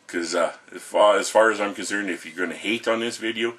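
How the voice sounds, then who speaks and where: A man's voice: on the low side, fairly quick, fairly bright tone, breathy edge. A middle-aged man, delivering an angry, profane rant to camera in a blunt, lecturing way.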